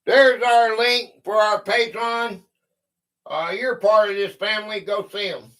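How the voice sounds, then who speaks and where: A man's voice: high-pitched, steady tone, a little slow, a bit bright. A man hosting a casual livestream history quiz, chatting and greeting viewers by name. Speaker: livestream host.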